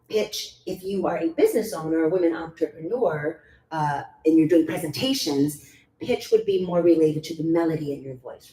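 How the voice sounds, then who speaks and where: Low-voiced woman vocal coach, roomy echo. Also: warm tone. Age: middle-aged. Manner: chatty, demonstrative. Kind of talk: workshop teaching. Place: club workshop room. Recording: roomy echo, faint room noise.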